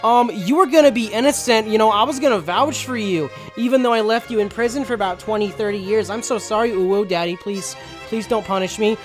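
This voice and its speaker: A sheepish warrior, as a man puts him on, grovels in a whiny, pleading voice that sinks lower as he begs. Faint music plays behind him. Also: brisk, lightly acted.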